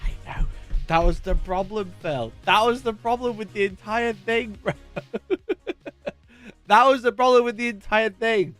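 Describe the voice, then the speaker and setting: A man's voice: high voice, measured pace, pauses often, a bit bright, faint music behind. A man hosting a live stream, chatting casually and jokingly greeting viewers by name as he reads their messages. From United Kingdom.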